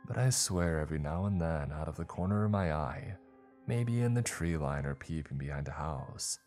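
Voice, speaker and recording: A man's voice: a bass voice, normal speed, a little mellow, soft background music. A man narrating a first-person horror story in a dramatic, scripted storytelling manner.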